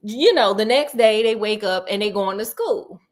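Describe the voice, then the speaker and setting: A woman casually retelling a children's book, chatty and animated with slangy, playful asides. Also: medium pitch, normal speed. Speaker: storyteller.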